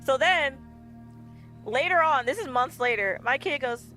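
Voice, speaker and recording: A woman's voice: sits high, expressive, unhurried, pushed and bright. A woman streamer chatting casually while she plays, laughing often and acting out the lines of others in her stories. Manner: chatty, laughs often, acts out quoted dialogue. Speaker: game streamer. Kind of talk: casual storytelling while gaming. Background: faint game music.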